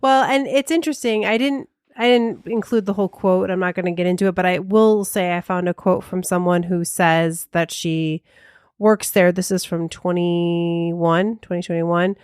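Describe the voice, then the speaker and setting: A woman's voice: lowish voice, fairly even intonation, moderate pace, a little mellow, smooth, no room sound, clean studio sound. A woman co-hosting a podcast, telling stories in a chatty, casual way, with many fillers, restarts and laughs. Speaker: podcast co-host. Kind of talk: casual chat.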